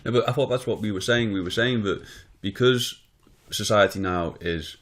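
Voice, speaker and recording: A man's voice: lowish voice, moderate pace, a bit bright, a little hiss or hum. A man in casual podcast chat, easygoing and agreeable. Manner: easygoing, agreeable, laughs along. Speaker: podcast co-host.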